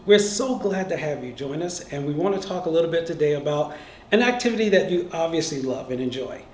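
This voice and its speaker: A high-voiced man gives an encouraging beginner tennis lesson, talking straight to his viewers. His voice sounds roomy, with the mic set well back from him. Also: lively intonation, fairly quick, darkish tone, recorded from a distance, slight background noise. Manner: upbeat, encouraging, addresses viewers directly. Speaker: tennis instructor. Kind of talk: friendly instructional talk to camera.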